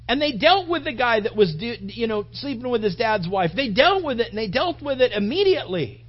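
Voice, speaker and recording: A man's voice: very high voice, very animated, brisk, hardly any pauses, highs cut off. A male pastor preaching a sermon in an earnest, emotional, conversational way.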